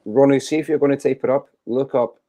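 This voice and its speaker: A man's voice: medium pitch, fairly even intonation, fast talker, warm tone. A man with a Scottish accent chatting casually, swearing freely and loosely. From Scotland. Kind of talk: casual chat.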